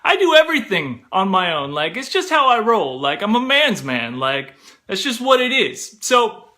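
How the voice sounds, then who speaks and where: A young man spins a comic story about himself in a loose, chatty way, sprinkling in "like" and "bro". His voice sits high for a man and has a bright, forceful edge. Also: moderate pace. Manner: animated, chatty, peppered with "like" and "bro".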